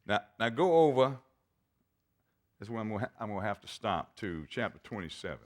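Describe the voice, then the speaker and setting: A man's voice: lowish voice, very animated, fairly quick, darkish tone. A man, a pastor, preaching a sermon and reading scripture aloud with dramatic emphasis. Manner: reads scripture aloud in old-fashioned wording.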